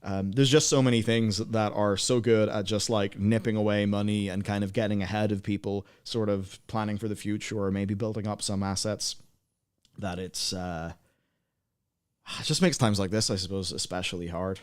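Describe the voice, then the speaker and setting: A man's voice: lowish voice, fairly even intonation, normal speed, smooth. Rambling sardonic man. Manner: rambling, sardonic, many fillers. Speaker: livestream co-host. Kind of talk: casual chat.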